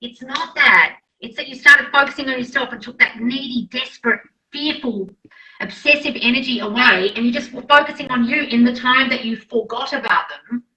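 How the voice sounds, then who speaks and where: A woman's voice: a little high, moderate pace, bright, forceful tone, low-quality recording. A woman hosting a casual live chat as a manifestation coach, enthusiastic and encouraging, swearing casually.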